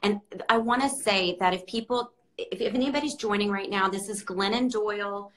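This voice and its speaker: A woman's voice: mid-range voice, fairly even intonation, moderate pace, a bit bright, rough recording. A woman hosting a book club livestream, speaking earnestly and reading a quote aloud. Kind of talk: livestream interview.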